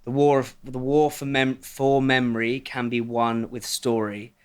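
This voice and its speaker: A man hosting a podcast interview, blunt, excitable and swearing freely. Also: mid-range voice, unhurried, clean tone. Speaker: podcast host. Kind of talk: casual interview chat.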